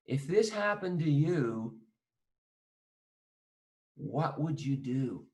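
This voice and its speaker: A man's voice: medium pitch, very animated, extremely slow, a little mellow. A man teaching an accounting lesson in a conversational way, acting out both sides of a phone call with a client.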